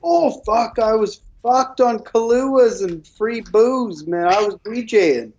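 A man's voice: high voice, expressive, unhurried, darkish tone, muffled recording. A man telling stories in casual chat, profane and laughing as he talks.

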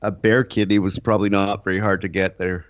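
A man's voice: low voice, little pitch movement, fairly quick, faint music behind. A man co-hosting a podcast, telling rambling stories in casual chat with crude jokes. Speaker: podcast co-host. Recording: dry, dull lo-fi sound.

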